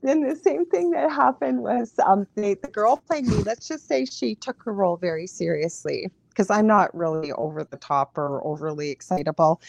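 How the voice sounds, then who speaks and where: A woman who works as a psychic medium, a podcast guest telling stories in a lively, chatty way with frequent laughs. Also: medium pitch, gravelly. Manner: animated storyteller, laughs often, quick asides. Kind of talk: casual chat, storytelling.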